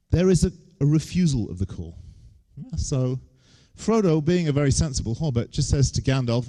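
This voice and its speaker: A man's voice: on the high side, big pitch swings, brisk, few pauses, warm tone. A man, giving a humorous lecture on stage with wry, joking asides. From England.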